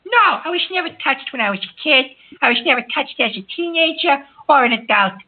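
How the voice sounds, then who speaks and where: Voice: sits high, animated, a little fast. A performer voicing a hot-tempered uncle who hosts a call-in show and scolds and hangs up on callers. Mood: angry. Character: excitable Italian-American uncle, a man. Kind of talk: prank call-in radio banter. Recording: tinny phone-line sound.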